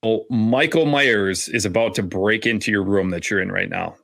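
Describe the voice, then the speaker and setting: A young man with a Minnesotan accent co-hosting a casual podcast, animated and rambling, with lots of restarts. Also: lowish voice, moderate pace, creaky, no room sound. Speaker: podcast co-host.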